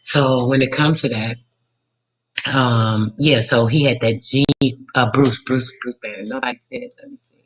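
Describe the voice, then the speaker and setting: A man's voice: medium pitch, animated, normal speed, a bit bright, a little hiss or hum, rough recording. Talkative man hosting a live stream. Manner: loose, talkative, fillers and self-corrections. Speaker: radio show host. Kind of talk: casual live-stream talk.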